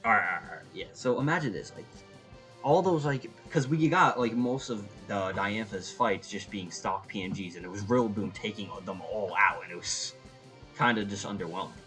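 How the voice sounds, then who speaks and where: Lower-voiced man giving a rambling review. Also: moderate pace, faint music behind, poor audio. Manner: rambling, animated, opinionated, with frequent restarts. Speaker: anime reviewer. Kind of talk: casual opinionated review.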